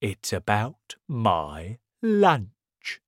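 A woman voicing a greedy, sly male crocodile in a children's story, slow and drawn out. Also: a bass voice, huge pitch swings, dry recording, studio quality, full character voice.

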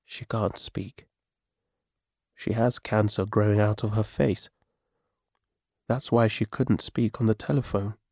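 A man voicing a weary, grieving older husband in a storybook reading, with a weak, quiet voice. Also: on the low side, steady tone, unhurried, dry recording, clean studio sound.

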